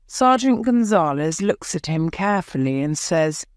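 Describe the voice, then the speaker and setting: A woman narrating a graded reader audiobook in a slow, careful reading. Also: lowish voice, animated, dry recording, clean studio sound.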